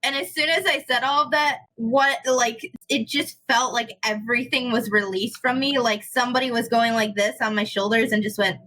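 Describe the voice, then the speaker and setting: A young woman chatting casually on a podcast, telling a ghost story in an animated way, with lots of fillers and swearing. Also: fairly high pitch, moderate pace, few pauses, low-quality recording. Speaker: podcast co-host.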